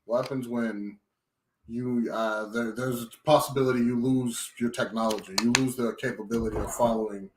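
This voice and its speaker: A man co-hosting a casual livestream. He speaks in a relaxed way and makes his points plainly. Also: medium pitch, moderate pace. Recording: roomy with faint noise.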